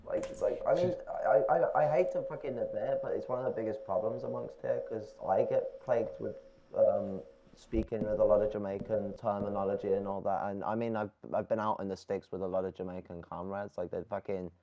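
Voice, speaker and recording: A man co-hosting a casual podcast, rambling and halting, with lots of fillers and swearing. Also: fairly low pitch, steady tone, slight background noise. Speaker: podcast co-host. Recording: dull lo-fi audio.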